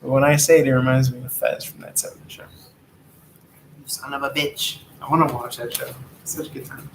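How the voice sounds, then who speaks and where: A man's voice: medium pitch, fairly even intonation, fast talker, roomy sound, background noise. A man giving a casual, rambling tarot reading, laid-back and drifting from topic to topic. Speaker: tarot reader.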